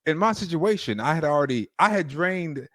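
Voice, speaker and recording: A man's voice: a little high, animated, fairly quick, fairly bright tone, dry recording, clean studio sound. A man co-hosting a podcast, talking through faith in a casual, rambling way full of restarts. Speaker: podcast co-host.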